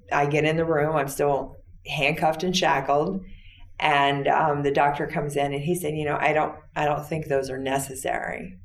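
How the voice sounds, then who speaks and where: A woman interview guest retelling a personal story in a plain, halting way with fillers. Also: low-pitched, vocal fry, reverberant.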